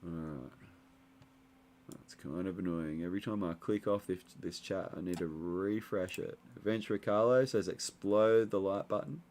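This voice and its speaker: Low in pitch and moderately paced, this young man's voice drifts through casual live chat as he hosts a stream and reads messages aloud. He sounds relaxed and rambling, leaning on lots of fillers.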